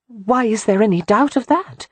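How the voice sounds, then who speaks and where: A man voicing a spirited young Regency woman who pleads with urgent earnestness, in a husky, dry audiobook read. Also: sits high, normal speed, no echo, pitched above the performer's own voice. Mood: insistent.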